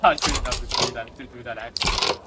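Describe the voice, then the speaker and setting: A man's voice: medium pitch, steady tone, fast, very noisy. A man streaming a strategy game, chatting casually, swearing and laughing at himself. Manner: laughing, swearing, self-mocking. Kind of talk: casual game livestream chat.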